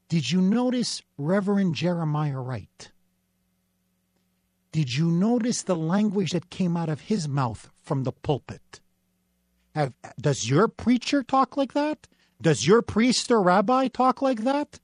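High-voiced, indignant talk radio man. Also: lively intonation, measured pace, dry recording, clean studio sound. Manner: emphatic and indignant, ranting. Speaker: radio talk show host.

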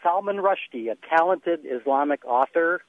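A man calling in to a radio talk show, answering in a calm, measured way. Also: a little high, a little hiss or hum. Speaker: caller. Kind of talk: phone-in call. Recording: tinny phone line.

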